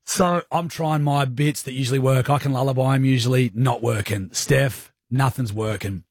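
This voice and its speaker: A man's voice: medium pitch, fairly even intonation, normal speed, breathy edge, no echo, studio quality. A man with an Australian accent, a radio host rambling through a story in casual, crude, self-deprecating banter. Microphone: studio microphone.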